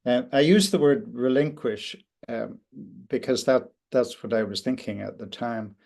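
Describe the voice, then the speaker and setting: Older man, gravelly, mid-pitched voice, reflective, halting interview talk, frequent restarts. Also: a little mellow. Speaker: interview guest, author.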